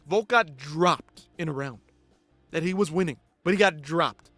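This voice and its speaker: A man's voice: a little high, unhurried, fairly bright tone, no echo, soft background music. A man hosting a live post-fight show, ranting bluntly and with heavy swearing. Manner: blunt, profane, exasperated ranting. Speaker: host.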